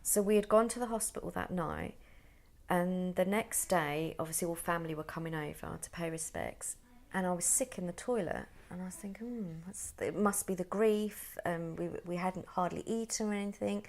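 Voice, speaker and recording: A woman's voice: lowish voice, normal speed, gravelly. A woman who is a podcast guest, vividly retelling a personal story and acting out the people in it. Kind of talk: personal conversation.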